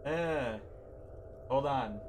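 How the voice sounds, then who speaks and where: A man streaming a game, reading its text aloud with stumbles, laughs and quick reactions. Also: medium pitch, noisy background.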